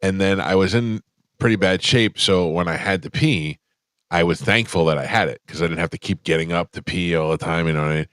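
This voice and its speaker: Radio host, man, very low voice, dry studio sound, loose storyteller. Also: fairly quick, fairly bright tone, dry recording. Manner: laughs easily, tells stories. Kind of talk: casual comedic chat.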